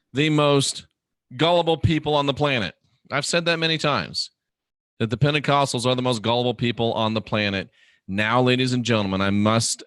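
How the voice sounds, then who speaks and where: A man hosting his own show, ranting emphatically, swinging from a low drawl to loud indignant peaks. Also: smooth, no room sound, clean studio sound. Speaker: host. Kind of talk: ranting monologue.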